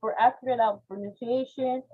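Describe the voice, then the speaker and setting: A woman's voice: fairly high pitch, steady tone, normal speed, slightly rough. A woman with a Spanish accent, a native Spanish speaker, teaching English phonetics in an online class, checking in with frequent "okay?" questions. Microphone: video call. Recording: tinny video-call audio.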